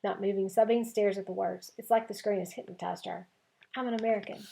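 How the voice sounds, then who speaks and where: A woman teacher reading a chapter book aloud to her class, with clear, expressive storytelling. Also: mid-range voice, a little fast.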